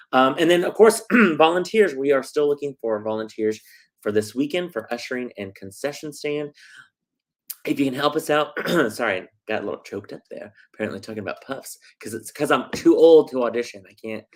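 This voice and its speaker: A middle-aged man hosting a casual theater talk show, excitable and full of fillers. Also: on the low side. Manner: chatty, excitable, lots of fillers. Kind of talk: casual livestream chat.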